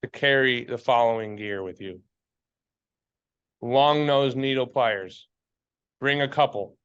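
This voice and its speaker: A man's voice: mid-range voice, slow pace, a bit bright, smooth, muffled recording. Fired-up, swearing fly-fishing podcast man. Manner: blunt and fired up, swears freely, preachy. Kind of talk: casual chat.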